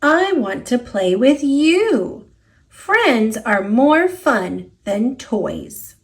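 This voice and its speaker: A woman with an American accent voicing a gentle, careful male elephant in a picture book read-aloud. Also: sing-song, extremely slow, full character voice. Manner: low, soft and hesitant.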